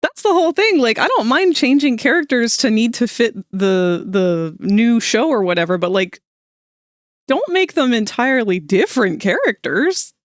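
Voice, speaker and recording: A woman's voice: on the high side, expressive, normal speed, dry recording. Curious woman, dry close sound. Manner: laughing, curious interjections. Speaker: streaming guest. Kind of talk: casual chat.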